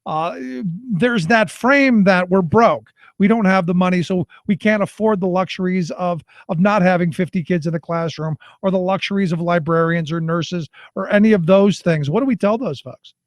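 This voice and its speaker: A man's voice: sits high, moderate pace, no echo. A man hosting a radio talk show, interviewing a guest in a conversational, sympathetic way. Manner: conversational, sympathetic, with filler restarts.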